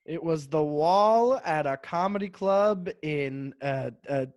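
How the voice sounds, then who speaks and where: A man, a comedian guest, chatting casually and telling jokey stories with quick restarts over a home mic. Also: on the high side, darkish tone, no room sound, clean studio sound. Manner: quick, joking storyteller with restarts. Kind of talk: casual chat. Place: home, remote. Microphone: home microphone, remote call.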